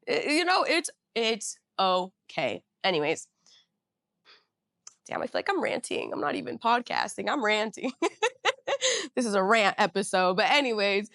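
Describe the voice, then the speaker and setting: Woman, young adult, from Northern California, podcast host, casual slangy storytime, crisp forceful tone. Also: medium pitch, moderate pace, long pauses, dry recording, studio quality. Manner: chatty and animated, slangy, peppered with "you know" and "you feel me".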